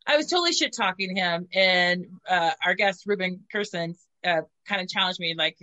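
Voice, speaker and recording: A woman's voice: fairly low pitch, fairly quick, sharp tone, no room sound. A woman hosting a casual podcast chat, telling crude stories with lots of giggles and "you know.". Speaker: podcast host.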